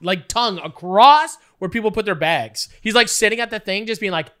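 A man in his thirties, congested with a cold, telling rambling stories in casual podcast banter and jumping into sudden high yelps. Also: a little fast, sharp tone, smooth. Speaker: podcast co-host.

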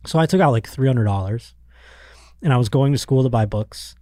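A man in his thirties hosts a podcast from a studio, telling a long story in a casual, animated way. He slips into other people's voices as he goes. The sound is dry and close. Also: medium pitch, a little fast, no echo. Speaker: podcast host.

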